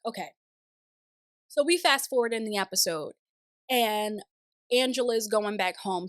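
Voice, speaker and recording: A woman's voice: medium pitch, no room sound, studio quality. A young woman recapping a reality show in casual, sassy commentary with exasperated, opinionated asides.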